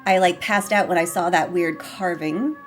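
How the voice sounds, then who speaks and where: A woman giving casual, excitable commentary while playing a story game, reading on-screen text aloud. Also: fairly low pitch, moderate pace, soft background music. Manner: bubbly and excitable, gushes over characters; switches to a hushed voice to read game text. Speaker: let's play gamer.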